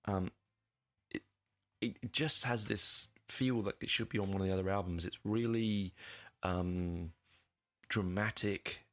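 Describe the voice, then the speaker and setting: A man's voice: lowish voice, steady tone, a little slow, pauses often. A man hosting a podcast, talking through an album in a rambling, hesitant way with lots of fillers and the odd casual swear word. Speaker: podcast host. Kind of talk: casual music review monologue.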